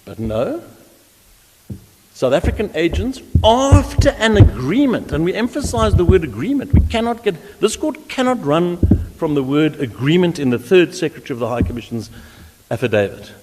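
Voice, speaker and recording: A man arguing a legal case before judges in a courtroom, emphatic and animated, with frequent restarts. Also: fairly high pitch, moderate pace. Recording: reverberant courtroom audio.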